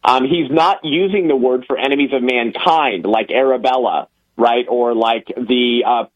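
A man explains things in a casual, chatty way, pausing often on fillers. The recording sounds dull and muffled. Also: medium pitch. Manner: chatty, many fillers, explaining word meanings.

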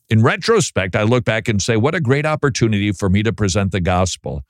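A man's voice: lowish voice, expressive, fairly quick, few pauses, no room sound, clean studio sound. Wry, chatty man hosting a talk show. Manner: chatty, wry, reads listener emails aloud. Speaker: Christian radio host. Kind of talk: casual talk show commentary.

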